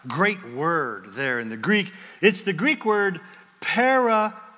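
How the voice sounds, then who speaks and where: Bright, high-voiced pastor preaching in a reverberant hall. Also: male voice, lively intonation, takes it slowly. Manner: conversational preaching with wry humor. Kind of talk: sermon.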